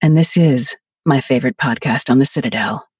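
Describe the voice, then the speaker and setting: A woman putting on the voice of a stoic male space commander, lowered and deadpan. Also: a little fast, breathy edge, no room sound, studio quality, recorded from a distance, heavily acted.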